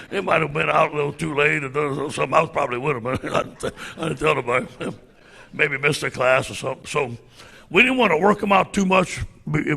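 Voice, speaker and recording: Gravelly man telling stories. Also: on the high side. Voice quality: gravelly, husky voice. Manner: animated storyteller, acts out loud exclamations. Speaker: football coach guest speaker. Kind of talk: storytelling at a club luncheon. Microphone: handheld mic.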